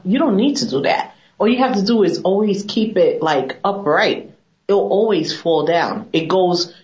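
A woman esthetician talking in an animated, emphatic, chatty way as a guest on a TV segment, on a dull lo-fi recording. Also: fairly low pitch. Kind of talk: casual TV chat.

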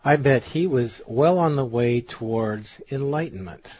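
A male co-host in casual chat, chatty and quick to laugh. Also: medium pitch, darkish tone, slightly rough. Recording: dull.

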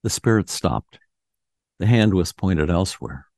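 A man hosting a radio show, reading a classic ghost story aloud in a measured, solemn narration. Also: deep voice, lively intonation, gravelly, darkish tone, no room sound, clean studio sound.

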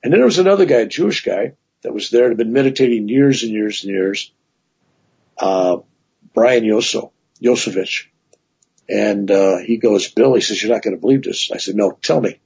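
A man's voice: lowish voice, moderate pace, gravelly, husky, highs cut off. A man telling long personal stories as a guest in a casual interview, with many asides. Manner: rambling, animated anecdotes with many "right?" asides.

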